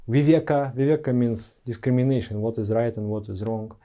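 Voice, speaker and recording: A man's voice: medium pitch, fairly even intonation, a little fast, hardly any pauses, mellow. A man who is a spiritual teacher, giving an earnest, heartfelt devotional talk to followers in simple broken English.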